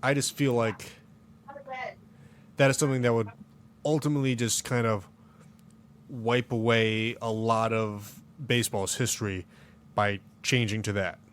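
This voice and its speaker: A man's voice: mid-range voice, fairly even intonation, unhurried, pauses often. A man hosting a casual sports podcast, opinionated and rambling, full of fillers and restarts. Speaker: podcast host. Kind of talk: casual chat.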